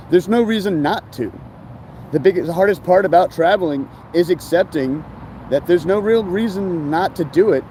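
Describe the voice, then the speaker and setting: Man, laid-back rambling talk, lots of fillers and slang, slightly high voice, mellow tone, faint traffic behind. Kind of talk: rambling casual monologue.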